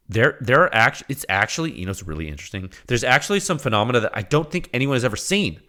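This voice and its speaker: A male podcast host in a loose solo monologue. His pitch leaps around constantly, rising high for acted-out reactions and dropping low for asides. He talks in an excitable, rambling way. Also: fast talker, few pauses.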